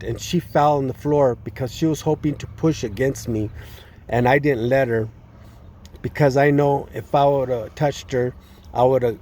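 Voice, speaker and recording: Man giving a halting, earnest testimony. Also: medium pitch, dark tone, slight background noise. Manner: halting, with frequent restarts and repeated words; earnest and distressed. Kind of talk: personal testimony, spoken retelling.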